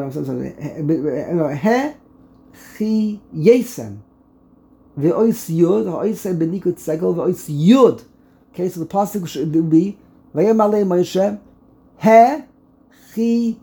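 A woman teaching a text study lesson, reading slowly, often restarting and then stressing points with emphasis. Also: lowish voice, dark tone.

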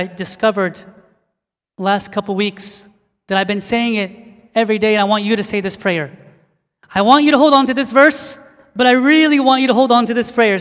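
A man preaching a sermon in a church, emphatic when exhorting and quieter when leading prayer. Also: high-pitched, long reverb tail. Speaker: pastor.

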